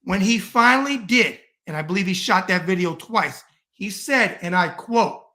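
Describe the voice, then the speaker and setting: On a podcast, a middle-aged man from the United States gets heated about politics in a blunt, profane, emphatic rant. His voice is high-pitched and sharp, with lively intonation at a moderate pace.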